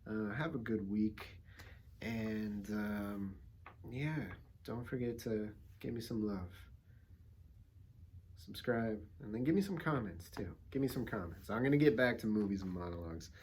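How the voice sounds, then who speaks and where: A man vlogging casually, telling a story with lively acted-out quotes, laughing and swearing often. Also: fairly low pitch, a little slow, a little hiss or hum. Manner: swears casually, rambling asides. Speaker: actor and vlogger.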